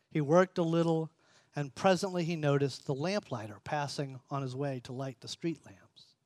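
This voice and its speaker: Reading a story and delivering a sermon, this male pastor speaks with measured earnestness, easing his pace and volume to stress key points. His voice sits on the high side, recorded without echo.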